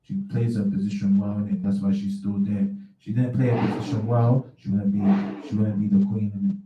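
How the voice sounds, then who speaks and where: A man talks loosely on his radio show, circling back on his words and dropping slang. His voice is very dark and mellow. He sits a little away from the mic in a roomy space. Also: on the low side, flat delivery, a little fast, distant mic, muffled recording, slight background noise. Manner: rambling, slangy, repeats himself. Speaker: radio host. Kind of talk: casual radio talk.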